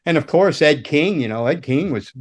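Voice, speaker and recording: Middle-aged ex-roadie rambling thru his road stories, cusses a lot, laughs, slightly higher voice, jumps way up for the characters. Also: expressive, normal speed. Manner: acts out the people in his stories with sudden high-pitched voices. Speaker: guest, former music roadie and guitar tech. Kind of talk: casual storytelling chat.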